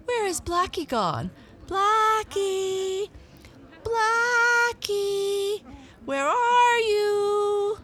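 A woman voicing a kind, worried lady who has lost her cat, calling out in a fretful, high voice. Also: a little slow, few pauses, sharp tone, heavily acted. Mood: alarmed.

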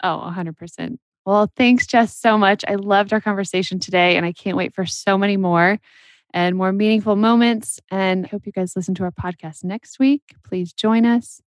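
A woman's voice: medium pitch, fairly even intonation, moderate pace, dry recording. A mother in her thirties co-hosting a podcast, chatting and laughing easily. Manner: warm-hearted, laughs easily, conversational. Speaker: podcast co-host. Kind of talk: casual podcast chat.

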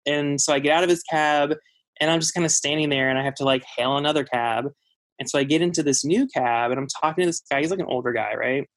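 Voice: mid-range voice, fast talker, dry recording. Casual storyteller, lots of likes and restarts, mid-range voice. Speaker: guest telling a personal story. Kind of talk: casual spoken anecdote.

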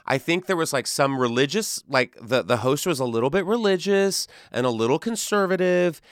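A young man co-hosting a comedic podcast in a playful, joking way, now and then jumping into squeaky high voices for a gag. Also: lively intonation, normal speed, smooth, no room sound, clean studio sound. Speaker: podcast co-host.

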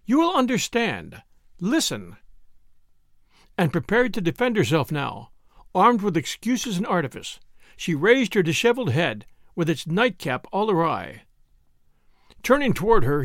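Expressive, high-voiced male storyteller. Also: no room sound, studio quality. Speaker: podcast narrator. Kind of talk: scripted narration.

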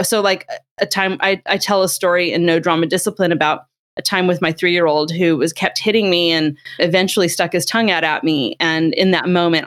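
A middle-aged woman, a parenting expert, explaining in a conversational way and acting out quotes as she tells stories. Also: lowish voice. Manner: animated storytelling, acts out quotes.

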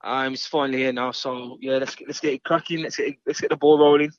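Fast-talking man, rambling. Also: medium pitch, steady tone, dry recording, muffled recording. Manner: rambling, repeats words, easygoing. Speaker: interview guest, fighter. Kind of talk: casual interview chat.

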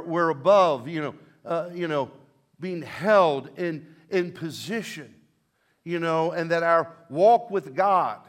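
A man preaching a sermon as pastor, swinging between loud emphasis and quiet asides, and leading his congregation in call and response. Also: on the high side.

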